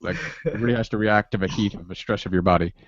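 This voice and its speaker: A man's voice: fairly low pitch, fast, noisy background. Joking, rambling man, muffled mic. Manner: joking, rambling, laughs often. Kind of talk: casual chat while playing a game.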